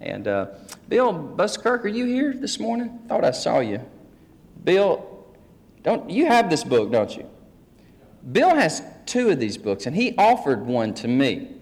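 Lively preacher in a reverberant church. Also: male voice, a little high, unhurried. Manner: folksy, joking with the congregation. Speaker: pastor. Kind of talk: sermon teaching. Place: church sanctuary. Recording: long hall reverb.

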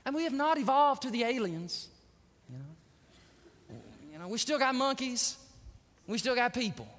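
Animated high-voiced male preacher. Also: measured pace, long reverb tail. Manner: animated, acts out quoted voices, laughs often. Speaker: pastor. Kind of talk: sermon.

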